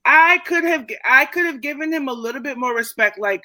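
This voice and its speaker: A woman's voice: sits high, lively intonation, a little fast, sharp tone, dry recording. A woman co-hosting a sports podcast, arguing her picks assertively and holding the floor in casual debate. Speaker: podcast co-host.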